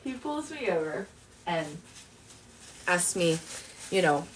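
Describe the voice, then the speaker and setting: A woman's voice: lowish voice, big pitch swings, slow, slight background noise. A young woman livestreaming, casually chatting and telling a long rambling story, swearing freely.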